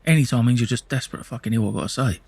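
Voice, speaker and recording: Racing along in a mid-range voice with vocal fry and a slightly rough edge, this middle-aged man is recorded with no room sound. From England, with an Essex accent, he tells his life story bluntly and sweary, restarting a lot and saying "you know what I mean".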